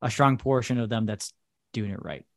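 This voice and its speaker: A man's voice: lowish voice, normal speed, no echo, clean studio sound. A man co-hosting a casual chat podcast, ranting with sarcasm. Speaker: podcast co-host.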